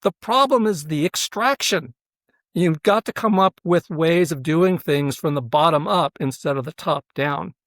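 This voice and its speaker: A man's voice: fairly high pitch, measured pace, a bit bright, no room sound, studio quality. A man, a professor, explaining his ideas earnestly in an interview, with frequent fillers and "right?" check-ins to the listener. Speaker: professor and researcher, interview guest.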